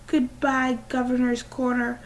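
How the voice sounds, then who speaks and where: A woman's voice: sits high, monotone, a little slow, pitched above the performer's own voice, rough recording. A woman reading aloud, voicing a teenage girl giving an earnest, emotional farewell speech in a school play. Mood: heartfelt.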